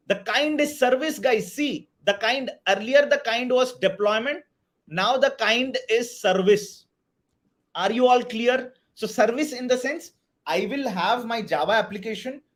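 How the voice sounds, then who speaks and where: A man teaching a live online DevOps class, energetic, often checking if everyone is clear. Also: high voice. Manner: energetic, repeats "are you all clear" and "right"; hypes up the chat and counts down to a target. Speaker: DevOps instructor.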